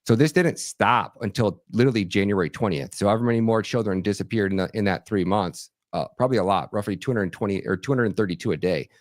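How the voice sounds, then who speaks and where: A man's voice: on the low side, fast talker, few pauses, dry recording, studio quality. A man, a documentary filmmaker, explaining things earnestly in an interview, often restarting his sentences and checking in with "right?". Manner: earnest, animated storytelling with frequent restarts and "right?" tags. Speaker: podcast guest, documentary filmmaker.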